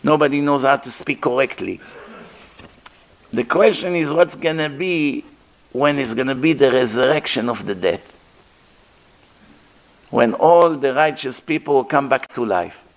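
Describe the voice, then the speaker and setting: An aged man giving a religious lecture, animated and conversational, acting out the sounds he describes. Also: mid-range voice, unhurried, pauses often. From Middle East. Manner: animated, demonstrates throat sounds, conversational asides.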